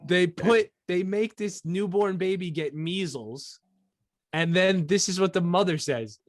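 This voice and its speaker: A man co-hosting a podcast, telling stories in a casual, profane, animated way. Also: high voice, measured pace, dry recording. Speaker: podcast co-host. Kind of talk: casual chat.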